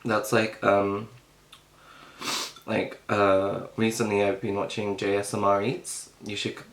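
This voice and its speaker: This young man's voice sits fairly low, and he talks at a measured pace with flat delivery. He's a mukbang vlogger chatting over his meal, rambling, dropping plenty of fillers, and speaking with his mouth full. The room has noticeable echo.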